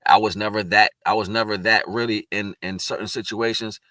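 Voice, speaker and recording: A man's voice: on the low side, steady tone, fairly quick, sharp tone, no echo. A man talking in a casual, rambling monologue, earnest and spiritual, often restarting his sentences. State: tearful at moments. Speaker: vlogger sharing personal reflections.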